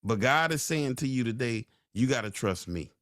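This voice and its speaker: A man's voice: medium pitch, lively intonation, fairly bright tone, dry recording. Preachy man repeating lines, dry sound. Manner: slow, drawn-out emphasis. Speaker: podcast host. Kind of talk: sermon-like motivational talk.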